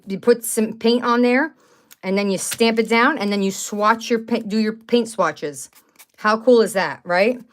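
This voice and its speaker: A middle-aged woman talks in a loose, rambling way on a live craft stream. Her pitch sits in the middle for a woman, and she often breaks into excited exclamations. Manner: chatty, rambling, exclaims over items. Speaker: craft channel host. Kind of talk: casual live-stream chat.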